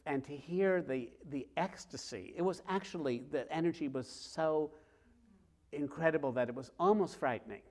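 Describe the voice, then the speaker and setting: A middle-aged author talking with a host before a live theater audience, telling stories in a lively way and acting out scenes. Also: male voice, on the high side, moderate pace. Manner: lively, acts out scenes with sounds and quoted voices. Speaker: author guest. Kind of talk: animated storytelling in conversation.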